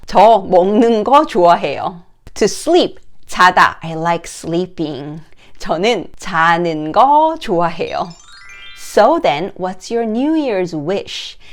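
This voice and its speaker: A woman teaching a grammar lesson, explaining slowly in English and reading example sentences quickly. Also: mid-range voice. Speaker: Korean language teacher.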